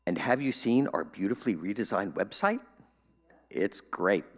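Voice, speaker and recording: A man's voice: on the low side, animated, moderate pace. Male church host, cheerful announcer with jokey asides, reverberant sanctuary. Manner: upbeat, playful, joking asides. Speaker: service host giving welcome and announcements.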